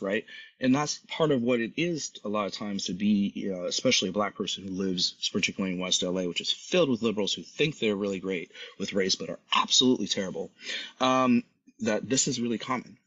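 A male podcast host telling a story in a casual monologue, animated, often tagging his lines with "right?" and acting out the people he quotes. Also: lowish voice, quick pace, breathy edge, dull audio.

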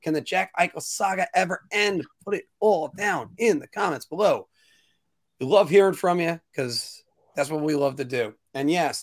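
A man hosting a casual sports talk show, ranting opinions in an animated way. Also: fairly high pitch. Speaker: podcast host.

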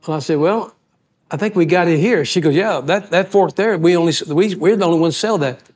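A man preaching a sermon as pastor, telling folksy, animated stories and acting out the voices of people in them. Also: fairly high pitch, fairly quick. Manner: folksy, animated storyteller who acts out quoted voices. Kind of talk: storytelling sermon.

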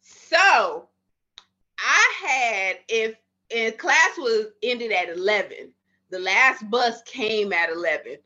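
Animated woman telling a lively story. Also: fairly high pitch, slow pace. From Miami area. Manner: animated, acts out her own past thoughts and dialogue. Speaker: midwife, podcast guest. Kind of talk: casual storytelling in an interview. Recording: slightly dull lo-fi audio.

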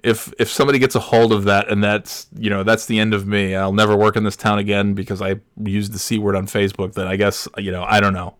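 A man in his forties with a low voice tells stories at a loose, rambling pace, doubling back on his words and breaking into laughter. He sounds close and dry, with no echo at all. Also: flat delivery, fast talker, few pauses, fairly bright tone. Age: 40s. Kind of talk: casual storytelling monologue.

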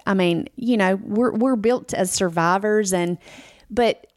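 A woman's voice: medium pitch, unhurried, no room sound, studio quality. A woman co-hosting a casual chat, talking earnestly and encouragingly, repeating phrases for emphasis. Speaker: podcast co-host.

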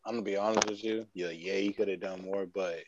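A man's voice: low voice, fairly even intonation, fast talker, a little hiss or hum. A man in casual chat as a podcast co-host, joking, blunt and profane. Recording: dull lo-fi sound.

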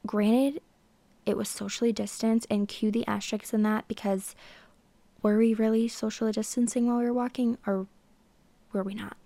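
A woman's voice: a little high, flat delivery, normal speed, mellow, dry recording. A woman in her twenties hosting a podcast, chatting casually and sarcastically and talking straight to her listeners. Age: 20s. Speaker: podcast host. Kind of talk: casual chat monologue.

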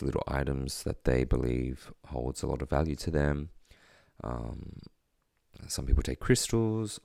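A man telling a personal story in a quiet, halting, reflective way, with many pauses and fillers. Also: very deep voice, gravelly, no echo, clean studio sound.

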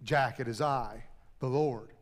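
A man voicing God in a joke, speaking slowly in a measured, reassuring tone. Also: medium pitch, big-room sound, pitched below the performer's own voice, lightly acted. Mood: calm. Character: calm, patient voice of God.

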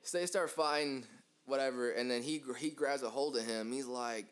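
A man in his twenties telling a rambling, animated story in casual podcast chat, full of fillers. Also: medium pitch, normal speed. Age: 20s. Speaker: podcast host.

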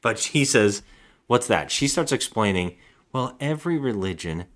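A man's voice: medium pitch, expressive, normal speed, a bit bright. A man co-hosting a podcast, casually recapping a movie in a rambling way, acting out the characters' lines. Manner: rambling, acts out lines in voices. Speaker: podcast co-host.

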